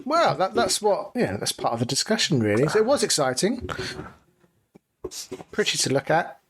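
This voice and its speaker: A man's voice: fairly high pitch, very animated, moderate pace, slight background noise. English male co-host, easygoing, self-mocking, light voice. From England. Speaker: podcast co-host. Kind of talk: casual chat.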